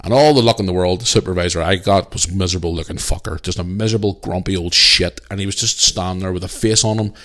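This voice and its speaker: A man's voice: deep voice, fast, hardly any pauses, fairly bright tone. A Northern Irish man hosting a casual solo podcast, talking animatedly and swearing freely as he retells his week. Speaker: podcast host.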